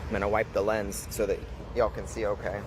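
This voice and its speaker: A man's voice: fairly low pitch, level tone, a little fast. A man livestreaming from the scene outdoors, chatting casually with viewers. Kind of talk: casual live reporting. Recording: outdoor stream with noisy background.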